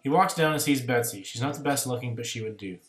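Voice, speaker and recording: A man co-hosting a podcast, telling a crude joke at a steady, deliberate pace to sign off. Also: medium pitch, roomy sound. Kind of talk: casual chat, telling a joke.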